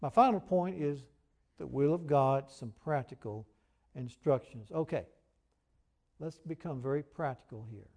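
A man preaching a sermon, earnest and emphatic, who reads scripture aloud in a measured cadence. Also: medium pitch, warm tone. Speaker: pastor.

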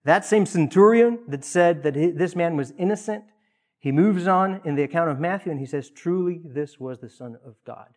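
A man preaching a sermon in an earnest way. He swings between loud emphasis and hushed, quiet asides. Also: fairly high pitch, normal speed. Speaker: pastor.

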